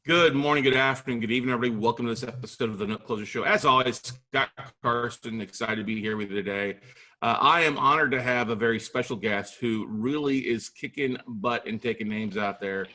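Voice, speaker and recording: A man's voice: medium pitch, a little fast, pushed and bright. A man hosting a podcast interview, enthusiastic and chatty, with lots of "uh" and "you guys". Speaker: podcast host.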